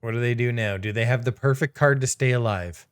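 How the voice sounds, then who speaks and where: A man's voice: medium pitch, brisk, clear, resonant tone. A man commenting casually on his own card game, sarcastic and exasperated, laughing in disbelief. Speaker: streamer playing a card game.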